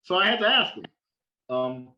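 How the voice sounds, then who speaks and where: A man's voice: high voice, sing-song, moderate pace, pushed and bright, dull audio. A man on a casual gaming podcast telling a puzzling story in a dry, bemused way with wry quips.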